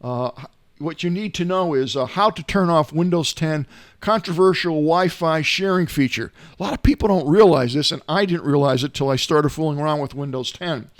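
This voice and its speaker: Middle-aged man, tech show host, rambling folksy delivery, slightly high voice, dry close sound. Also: normal speed, no echo. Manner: rambling, folksy, many filler uhs. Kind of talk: casual tech gadget talk. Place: home, not in the studio.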